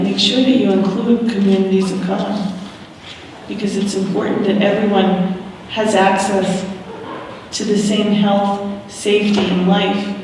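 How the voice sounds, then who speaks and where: A woman's voice: medium pitch, a little mellow, slight background noise. A middle-aged woman telling her family's story frankly and with frequent laughter, speaking to an audience. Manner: frank, laughs often, acts out quoted voices. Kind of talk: candid storytelling talk. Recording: echoey hall from far off.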